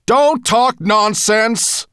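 A man's voice: high voice, drawn-out words, fairly bright tone, clean tone, no echo, studio quality, voice pushed up, exaggerated voice. A man reading an audiobook, voicing a huge, furious golden dragon who bellows threats. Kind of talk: audiobook character voice.

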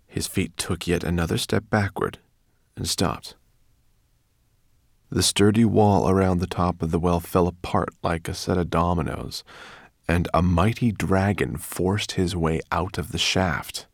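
Deep, gravelly male narrator. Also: dry recording, clean studio sound. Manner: measured, expressive storytelling. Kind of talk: audiobook narration.

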